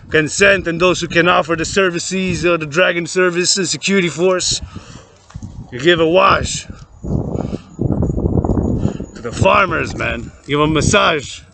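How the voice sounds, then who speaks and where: A man from Canada giving a loud, profane, rambling rant, chanting and repeating words. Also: high-pitched, creaky, noisy background. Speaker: vlogger.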